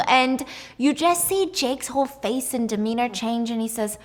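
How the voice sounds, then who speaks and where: A woman's voice: a little high, moderate pace. A young woman hosting a storytime vlog, talking in a casual, enthusiastic way. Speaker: host. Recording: long echoey room reverb.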